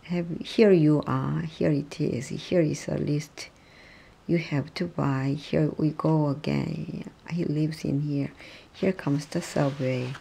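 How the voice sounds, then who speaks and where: A speaker reading English practice dialogues aloud, halting and restarting often. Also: medium pitch, steady tone, gravelly, warm tone, slightly rough.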